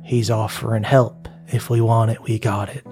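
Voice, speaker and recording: A man runs a tabletop game in a relaxed, rambling way, with plenty of ums and likes. Faint music plays underneath his voice. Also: fairly low pitch, normal speed. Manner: casual, filler-heavy narration. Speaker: game master.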